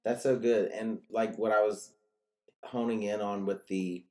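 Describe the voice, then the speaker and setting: A middle-aged man hosting a podcast, teasing his daughter and musing in a relaxed, rambling way. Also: on the low side, measured pace. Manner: teasing, reflective, a bit rambling. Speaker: podcast host, parent. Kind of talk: casual podcast chat. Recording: echoey room.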